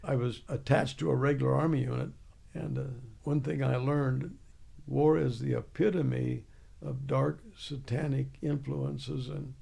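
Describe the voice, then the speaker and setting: A man's voice: mid-range voice, fairly even intonation, measured pace, gravelly, warm tone, slightly rough. An older man, an army veteran, telling plainspoken stories in an interview and laughing along. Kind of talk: storytelling interview.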